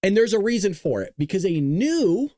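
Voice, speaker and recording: Male host, animated, lively pitch, dry close webcam sound, casual commentary. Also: normal speed, dry recording. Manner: animated, laughs often, repeats himself. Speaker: show host.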